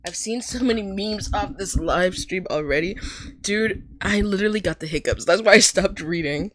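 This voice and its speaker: A woman's voice: mid-range voice, normal speed, slight background noise. A young adult woman streamer chatting casually and laughing often while playing live.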